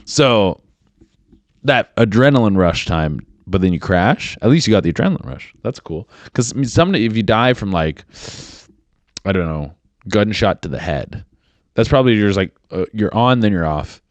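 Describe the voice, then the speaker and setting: Low-voiced young man rambling casually. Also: sing-song, normal speed, no room sound. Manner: rambling, profane, many fillers. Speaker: podcast host. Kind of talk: casual solo podcast chat.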